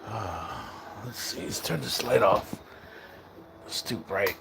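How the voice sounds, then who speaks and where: A man hosting a casual livestream, chatting and rambling to his viewers, mixing in Spanish words and breaking into excited whoops. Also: on the low side, slow pace, vocal fry, background noise. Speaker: livestream host.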